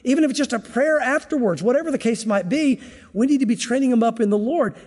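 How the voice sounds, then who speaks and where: A man's voice: extremely high pitch, quick pace, darkish tone, in a large hall. A middle-aged male pastor giving an expository sermon in an earnest, conversational teaching manner.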